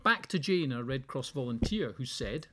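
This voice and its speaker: A man's voice: medium pitch, animated, moderate pace, sharp tone, breathy edge. A man hosting a solo podcast, giving practical tips with wry, joking asides. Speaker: podcast host. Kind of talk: solo podcast advice talk.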